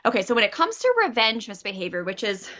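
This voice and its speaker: A middle-aged woman coaching a parent on a call, animated and acting out child and parent voices. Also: a little high, quick pace. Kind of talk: coaching a caller. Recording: dull lo-fi audio.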